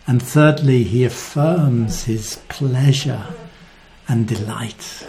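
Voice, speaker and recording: A man preaching a sermon, earnest and reflective, often dropping to a soft voice. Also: mid-range voice, slow pace, slight background noise.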